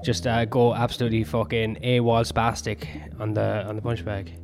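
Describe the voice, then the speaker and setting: A man's voice: lowish voice, little pitch movement, a little fast, soft background music. A young man hosting a podcast alone, rambling and swearing in a self-mocking way. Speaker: podcast host and comedian. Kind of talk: solo rambling podcast monologue.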